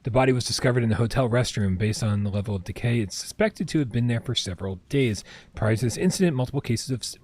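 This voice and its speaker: A man's voice: mid-range voice, lively intonation, quick pace, a little mellow. A man streaming a video game, chatting casually and reading on-screen text aloud. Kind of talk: casual gameplay commentary.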